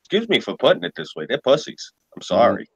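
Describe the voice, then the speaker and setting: A man telling a story on a casual podcast, animated and profane. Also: a little high, quick pace, vocal fry, breathy edge, no room sound, highs cut off. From New York. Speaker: podcast co-host.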